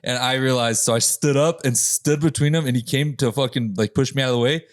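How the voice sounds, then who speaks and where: Fast-talking man telling rowdy stories. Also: medium pitch, no room sound, studio quality. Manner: profane, laughing, animated retelling with quoted voices. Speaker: podcast host telling stories. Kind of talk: casual chat, storytelling.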